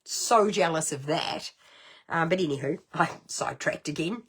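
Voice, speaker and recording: A middle-aged woman with a New Zealand accent hosting a casual card-making livestream, chatty and rambling, with sudden high exclamations. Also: normal speed, background noise. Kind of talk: casual craft livestream chat.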